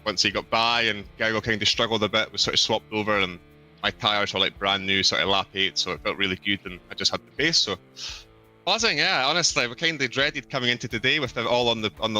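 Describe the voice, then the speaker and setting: A man giving a casual post-race interview as the winning driver, relaxed and rambling with lots of ums. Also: lowish voice, fast talker, soft background music.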